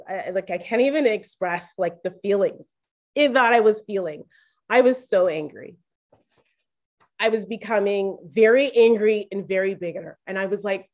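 A woman talks straight to her listeners in a mid-range voice, confiding and animated as she shares a candid personal story. She speaks as a faith speaker and calls her audience "guys.". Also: medium pitch, normal speed. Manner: addresses listeners directly as "guys".

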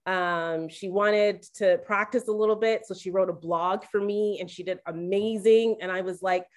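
Woman, mid-range voice, faith speaker, candid personal storytelling, animated, confiding, speaks to listeners directly. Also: medium pitch, moderate pace, few pauses. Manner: addresses listeners directly as "guys".

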